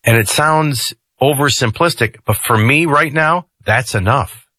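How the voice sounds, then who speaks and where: Unhurried and forceful, a male talk radio host speaks in a low, somewhat husky voice, keeping it loose and conversational with jokey asides. Recorded close on a studio mic, the sound is dry with no room sound.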